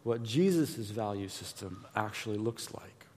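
A man preaching a sermon as pastor, emphatic and repetitive, dropping to a hush and then rising loud. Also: fairly low pitch, lively intonation, moderate pace. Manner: emphatic, repeats words, swings from hushed to loud.

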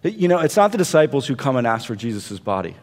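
A man preaching a sermon, building to intense peaks and dropping to hushed, quiet passages. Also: medium pitch, big pitch swings, quick pace, in a large hall. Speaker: pastor.

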